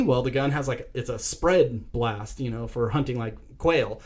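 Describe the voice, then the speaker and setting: Male podcast host, casual plot recap, animated storyteller, mid-pitched voice, swears freely. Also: normal speed, husky.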